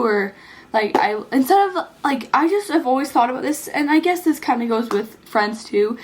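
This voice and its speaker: A woman's voice: high-pitched, lively intonation, moderate pace. A teenage girl giving casual, earnest advice in a vlog, rambling with many "like"s and restarts. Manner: rambling, earnest, heavy use of "like". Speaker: vlogger.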